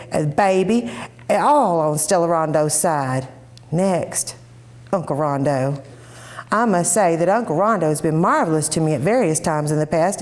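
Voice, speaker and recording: A woman giving a lively, expressive first-person reading of a short story. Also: on the low side. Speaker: reader.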